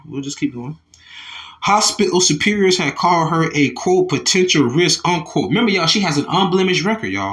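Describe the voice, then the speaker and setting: Man, higher voice, swooping and animated, reads news aloud and riffs on it with Bible verses, stumbles and repeats himself, "y'all" to viewers. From Southern United States. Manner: animated, restarts and repeats words, calls listeners y'all. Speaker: religious commentator. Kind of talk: reading and commenting on a news article with scripture.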